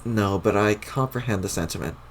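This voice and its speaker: A man's voice: lowish voice, a little fast, slight background noise, lightly acted. A man voicing a stiff, haughty male troll aristocrat while reading a webcomic aloud, with overly formal wording.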